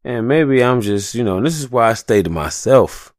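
A man's voice: medium pitch, expressive, normal speed, a little mellow, dry recording, clean studio sound. A young adult man hosting a solo podcast, talking in a passionate, profane rant full of slang. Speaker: podcast host.

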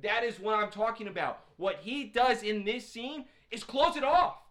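A young man co-hosting a casual recap podcast, excitable and loud in his outrage. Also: very high voice, normal speed. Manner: excitable, shouts in outrage, acts out characters. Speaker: podcast co-host.

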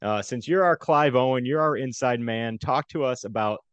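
A man's voice: mid-range voice, normal speed, clear, resonant tone, no echo, dull audio. A young man hosting a casual sports podcast, upbeat and chatty, laughing often. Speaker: podcast host.

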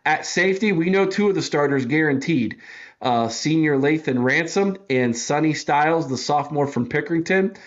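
A man's voice: fairly high pitch, lively intonation, moderate pace, dull audio. A man co-hosting a sports podcast, running through player lineups in casual chat and sometimes stumbling over names. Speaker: podcast co-host.

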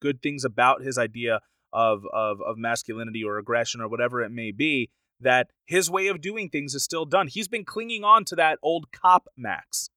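A man co-hosting a casual podcast, discussing a film with animated enthusiasm and now and then acting out crowds in raised voices. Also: mid-range voice, moderate pace, no room sound. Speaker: podcast co-host.

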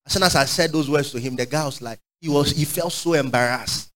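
A man preaching a sermon, fervent and call-and-response, swinging from shouts to quiet asides. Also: a little high, a little fast, few pauses, poor audio.

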